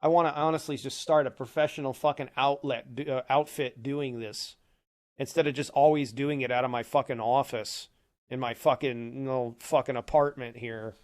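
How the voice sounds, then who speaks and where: A man's voice: medium pitch, fairly even intonation, moderate pace, darkish tone. A man hosting a livestream from his apartment home office, ranting heatedly and swearing constantly into a desk microphone. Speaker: livestream host. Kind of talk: angry livestream rant.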